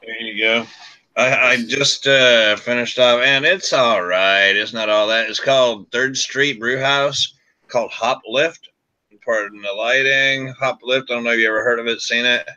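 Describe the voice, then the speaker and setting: A man chatting casually about beer and family on a video call, laid-back and quick to laugh. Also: medium pitch, fairly even intonation, bright, forceful tone, dull audio. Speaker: beer review show host. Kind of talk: casual chat.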